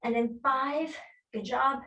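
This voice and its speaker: A woman with a fairly high voice coaches a workout class, counting reps and cheering people on while she exercises along, a little breathless. She is heard from some way off the mic, in an echoey room. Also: fairly even intonation, slow, sharp tone, far from the mic, muffled recording. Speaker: fitness instructor. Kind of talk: live workout class instruction.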